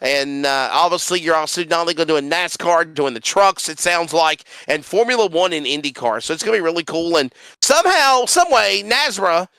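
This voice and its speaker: A man, a sim racing broadcaster wrapping up a race in animated, sing-song chat. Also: a little high, fairly quick, few pauses, smooth, no echo.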